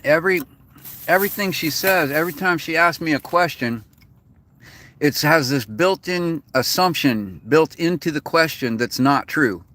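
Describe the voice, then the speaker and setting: A man's voice: a little high, normal speed, sharp tone, a little hiss or hum. A man venting in a rambling, profane, casual rant as a vlogger. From United States.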